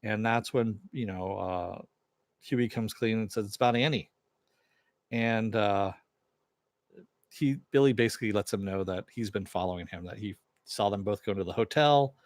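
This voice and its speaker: A man's voice: on the low side, normal speed, no room sound. A man reviewing a TV episode, retelling the plot in a loose, rambling way with plenty of fillers. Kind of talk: casual spoken recap.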